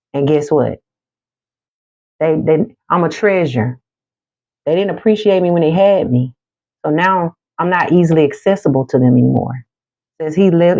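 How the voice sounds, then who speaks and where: A woman with a low, deep voice gives spiritual advice to her livestream chat. She talks emphatically, repeats herself for effect, and slows right down for calming affirmations. The audio sounds dull and lo-fi. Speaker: spiritual card reader on a livestream.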